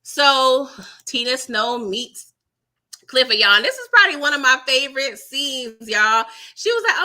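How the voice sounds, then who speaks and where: A woman's voice: sits high, lively intonation, unhurried, bright, forceful tone. A woman hosting a casual live recap of a TV episode, chatty and full of slang, laughing often as she talks. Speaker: TV recap host.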